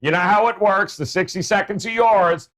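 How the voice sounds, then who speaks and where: A man's voice: sits high, normal speed, a bit bright. A man hosting a sports betting show, joking and hyping up his panel with playful banter. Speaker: host.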